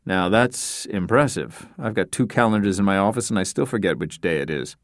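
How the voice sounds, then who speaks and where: A man's voice: sits low, brisk, no echo. A man reading the part of a grumpy, sardonic middle-aged husband in a dry, blunt way.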